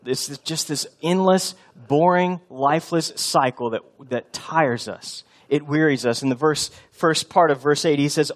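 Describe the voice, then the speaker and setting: A man preaching a sermon in a conversational, storytelling way, acting out quotes and often getting softer or louder as he makes a point. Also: medium pitch, fairly even intonation, normal speed, hardly any pauses. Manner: conversational preaching, acts out quotes with shifts of loudness; many fillers and restarts. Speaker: pastor.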